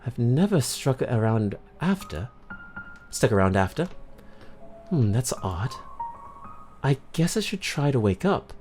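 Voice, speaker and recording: A man's voice: mid-range voice, big pitch swings, unhurried, pauses often, darkish tone, soft background music. A man voicing Alice, a young woman, with a put-on British accent, talking to herself as he reads game text in character. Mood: puzzled. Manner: mock-British, talks to herself.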